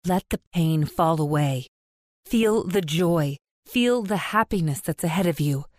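A woman voicing a calm, detached woman healer in a storybook, quick and to the point yet soothing. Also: on the low side, dry recording, clean studio sound.

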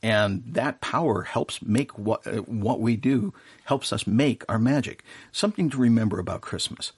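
A man's voice: lowish voice, animated, moderate pace, husky. A middle-aged man who works as Santa, telling earnest stories in a casual radio interview, with plenty of fillers and restarts. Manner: warm, earnest storyteller with many fillers and restarts. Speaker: professional Santa performer, radio guest.

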